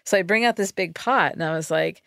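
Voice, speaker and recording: A woman's voice: lowish voice, a little fast, creaky, a bit bright, dry recording, studio quality. A woman co-hosting a podcast in casual chat, reacting with short, amused replies. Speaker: podcast co-host.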